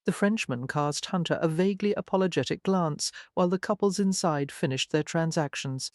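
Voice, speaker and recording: An audiobook narrator giving a measured, even scripted reading of a romance novel. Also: medium pitch, dry recording, studio quality.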